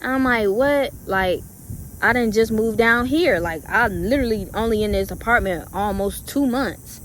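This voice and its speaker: Woman, young adult, casual storytelling, animated, mid pitch, faint background noise. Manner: animated, acts out her own past reactions; conversational, drawn-out speech with fillers. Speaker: vlogger.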